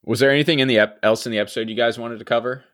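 A young man hosting a podcast, recapping a TV episode in a relaxed, chatty way, often laughing and trailing off quietly. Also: medium pitch, racing. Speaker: podcast host. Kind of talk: casual chat recapping a TV episode.

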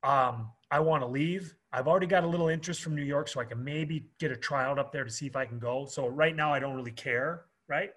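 A man's voice: mid-range voice, fairly quick, hardly any pauses. A man, a former pro wrestler, telling profane backstage stories as a guest in a casual interview and acting out the people in them. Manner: profane, animated, acts out the people in his stories.

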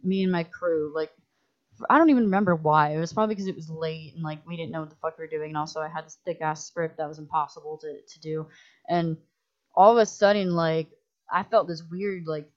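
A woman who directs films, telling a story as a podcast guest in an animated, profane way, full of "like" and acting out what others said. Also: low voice. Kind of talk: casual storytelling in a podcast chat. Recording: muffled lo-fi audio.

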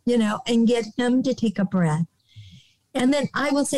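Slow, gentle and soothing, an older American woman offers calm advice as a podcast guest; she runs a nonprofit. Her voice is on the high side, and she frequently restarts, says "you know", and at times falls to a soft whisper. The audio is dry and poor.

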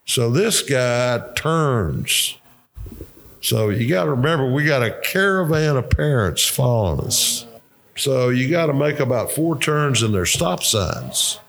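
An older man with a drawl tells rambling coaching stories, salted with swearing and his own laughter. His voice is gravelly and sits at an ordinary pitch. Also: animated, measured pace, a little hiss or hum. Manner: profane, laughing anecdotes. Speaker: retired football coach, guest. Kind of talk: casual storytelling.

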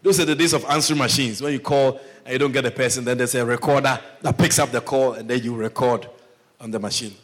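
A man preaching, telling a personal story with lively delivery and acted-out quotes. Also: medium pitch, fast talker. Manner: animated storyteller, acts out quoted voices. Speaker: pastor. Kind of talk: sermon storytelling.

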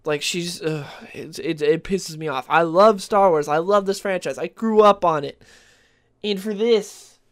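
A man's voice: high-pitched, a little slow, fairly bright tone. A man hosting a podcast in casual chat, rambling with many fillers and restarts. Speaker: podcast host.

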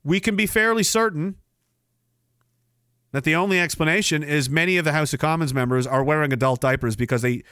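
A middle-aged man hosting a livestream podcast, reading chat messages aloud and riffing on them in a profane, mocking way with loud, shouted bits. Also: a little high, fairly quick, clear, resonant tone, no echo, clean studio sound. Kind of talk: casual profane livestream banter.

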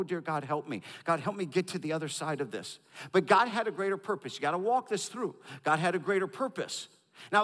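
A male pastor preaching a sermon who swings from loud, emphatic highs to quiet, low asides, often repeating words as he builds a point. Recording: long hall reverb.

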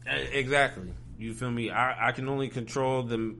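A man's voice: mid-range voice, steady tone, moderate pace, creaky, bright, forceful tone, a little hiss or hum. A man from Ohio hosting a podcast, talking in a laid-back, slangy casual chat style, often asking "you feel me". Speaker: podcast host.

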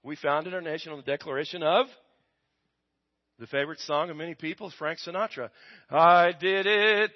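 A man's voice: on the high side, steady tone, brisk, pauses often. A man preaching a sermon to his congregation, asking them questions and waiting for answers, his volume rising and dropping. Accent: American. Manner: call-and-response with congregation, swings loud and soft. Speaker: pastor. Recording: dull lo-fi recording.

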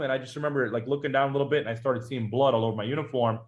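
A man's voice: mid-range voice, steady tone, racing, hardly any pauses, muffled recording. A man who served as a Marine, telling his own story in an interview, conversational and matter-of-fact with fillers and restarts.

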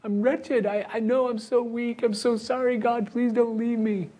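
A man's voice: extremely high pitch, flat delivery, moderate pace, warm tone, voice pushed up. A preacher acting out a despairing believer who whimpers that he is a failure and pleads with God not to leave. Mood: despairing, pleading. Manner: whimpering, self-pitying, pleading.

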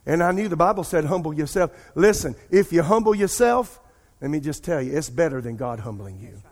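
Fairly quick and on the high side, this middle-aged pastor's voice swings widely in pitch as he preaches to his congregation. Call-and-response asides run through the sermon in the church sanctuary, heard with long hall reverb.

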